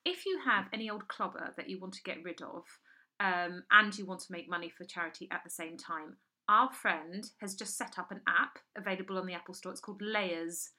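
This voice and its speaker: Bright-voiced rambling woman. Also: on the low side, brisk. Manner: rambling, tangential, deadpan storytelling. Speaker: comedy podcast co-host. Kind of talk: improvised comic chat. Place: house in London.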